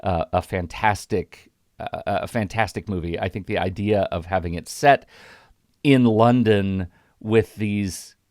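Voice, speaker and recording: A man's voice: fairly low pitch, a little slow, a little mellow, dry recording, clean studio sound. A man hosting a film podcast in casual chat, thinking aloud and circling back on his sentences. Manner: thinking aloud, rambling with restarts. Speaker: podcast host.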